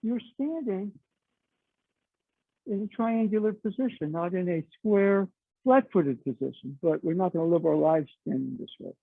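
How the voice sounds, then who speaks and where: Middle-aged male instructor, high gravelly voice, talky and explaining, dry tinny recording. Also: normal speed, dry recording. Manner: chatty, explains with frequent "you know" and "okay". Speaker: martial arts instructor. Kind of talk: teaching a class on the mat. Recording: dry, tinny phone-like sound.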